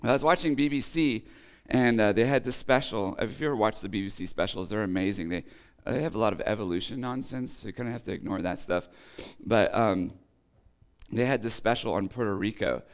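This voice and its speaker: A man giving a relaxed, chatty sermon, reading scripture and then explaining it with casual asides, his voice a little rough today. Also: on the low side. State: voice acting up, slightly rough. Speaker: preacher. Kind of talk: conversational sermon.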